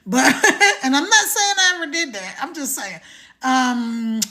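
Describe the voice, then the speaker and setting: High, bright-voiced motivational woman streamer. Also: measured pace. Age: middle-aged. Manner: energetic, motivational, talks straight to viewers. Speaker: live-stream host promoting a program. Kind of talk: casual motivational live-stream pitch.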